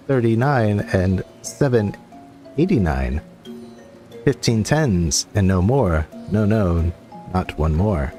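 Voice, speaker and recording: A man voicing a low, sly kobold miner. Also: a little mellow. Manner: sly, repetitive, mutters asides. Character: sly scheming male kobold miner, small and boastful.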